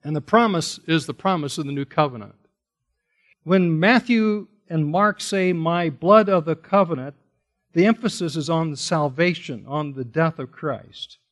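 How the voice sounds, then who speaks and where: Male preacher with a somewhat high voice, leading an expository sermon, pointed and emphatic. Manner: emphatic, slows down and stresses key words; asks rhetorical questions of listeners. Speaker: pastor. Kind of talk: expository Bible teaching sermon.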